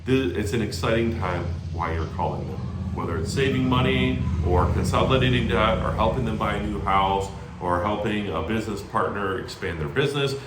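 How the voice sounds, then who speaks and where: A man giving energetic sales call training who often adds "right?" after his points. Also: fairly low pitch, fairly quick, few pauses, echoey room, background noise. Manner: energetic, animated, tags lines with "right?". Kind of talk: training talk.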